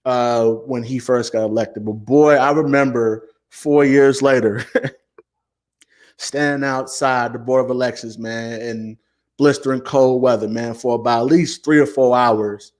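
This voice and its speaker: A man in his late twenties hosting a casual commentary show, talking with animated, heartfelt emotion, stammering and repeating "man" often. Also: mid-range voice, a little slow. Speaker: host.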